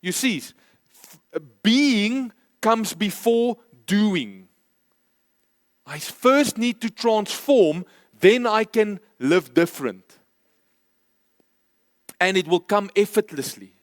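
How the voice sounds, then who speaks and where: Pastor guy, high voice, takes his time, repeats lines for emphasis. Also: lively intonation, no room sound, studio quality. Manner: emphatic, repeats key phrases, slows for stress. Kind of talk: sermon. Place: church.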